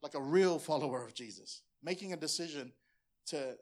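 This pastor, a Samoan man in his forties, preaches with earnest passion and frequent repetition to push his point. His voice is a little high and a little mellow, animated, at a moderate pace.

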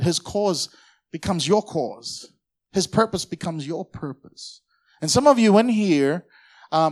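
A male pastor preaching a lively sermon, calling on the congregation to shout back responses. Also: sits high. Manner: energetic, audience call-and-response.

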